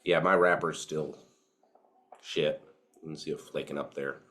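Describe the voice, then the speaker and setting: A man's voice: very deep voice, steady tone, unhurried, a bit bright. A man co-hosting a podcast, chatting casually and profanely over cigars and whiskey, with plenty of fillers. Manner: laid-back and profane, with frequent fillers. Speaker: podcast co-host. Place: indoors, home podcast setup.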